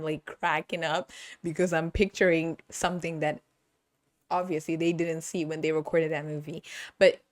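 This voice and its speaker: A woman's voice: fairly low pitch, dry recording. Giggly woman podcast host, dry sound. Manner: giggly, animated, laughs often. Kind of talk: casual movie review chat.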